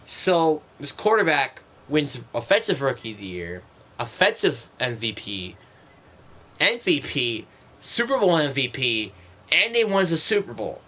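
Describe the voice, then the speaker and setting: A young man talks through his football video game stream in a slow, unhurried way, his pitch swinging widely as he vents. His casual commentary keeps tipping into exasperated ranting about his team. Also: big pitch swings, bright, forceful tone.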